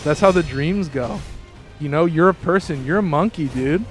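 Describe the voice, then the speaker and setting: Male gaming streamer with a slightly high voice, loose and rambling, who chats with viewers and keeps jumping up in pitch when excited. Faint game music underneath. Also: moderate pace. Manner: rambling, with frequent restarts and sudden excited jumps in pitch. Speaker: livestreamer. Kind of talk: casual livestream chat with viewers while gaming.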